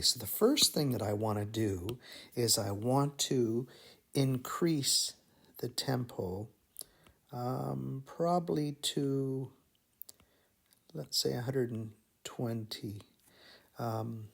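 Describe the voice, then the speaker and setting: A man teaching melody writing in a slow, musing, think-aloud way, humming phrases as he explains. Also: mid-range voice, gravelly, a bit bright, breathy edge. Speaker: music teacher. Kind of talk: thinking-aloud composition tutorial.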